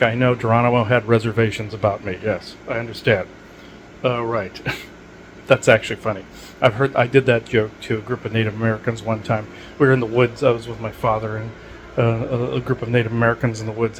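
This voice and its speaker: Rambling man, mid-pitched, full of fillers. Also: a little hiss or hum, poor audio. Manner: digressive, many filler words and restarts. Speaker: podcast host. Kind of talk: rambling casual monologue.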